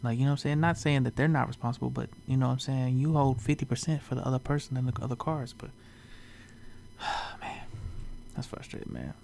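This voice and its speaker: A man's voice: medium pitch, steady tone, brisk, gravelly, a little mellow, a little hiss or hum. A man talking casually as a reaction video host, loose and chatty with lots of fillers. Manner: loose and chatty, full of "like" and "you know what I'm saying".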